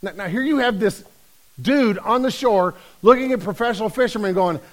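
High-voiced man preaching a lively sermon. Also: moderate pace, rough recording. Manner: lively storytelling, acts out quoted voices; humorous, conversational preaching. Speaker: pastor.

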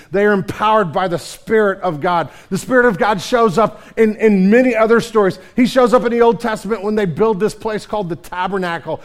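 High-voiced preaching man. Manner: animated preaching with many restarts and asides. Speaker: pastor. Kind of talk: sermon.

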